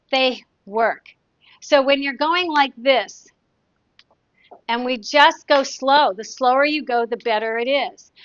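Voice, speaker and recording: A woman's voice: high voice, a bit bright, no echo. A woman therapist talking in a chatty, casual teaching way, demonstrating exercises and telling anecdotes. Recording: dull, dry lo-fi sound.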